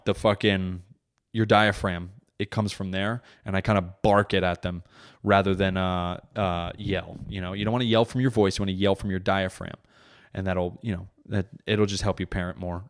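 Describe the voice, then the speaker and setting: Low-voiced man telling profane stories. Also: smooth. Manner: profane, rambling, self-correcting. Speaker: comedian podcast host; father. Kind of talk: casual storytelling monologue.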